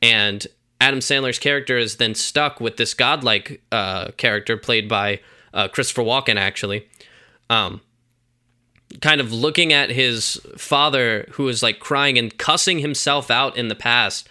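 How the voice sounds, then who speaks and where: A man's voice: medium pitch, unhurried, bright, forceful tone, clean tone. A young man on a casual podcast, retelling a movie plot with lots of fillers and acted-out quotes. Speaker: podcast co-host.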